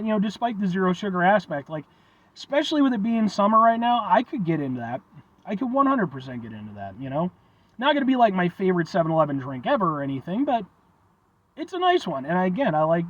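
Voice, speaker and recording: Young guy rambling about a drink, high voice that jumps around a lot, kinda dull lo-fi sound. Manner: rambling, folksy, swears casually. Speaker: food reviewer. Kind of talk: casual chat.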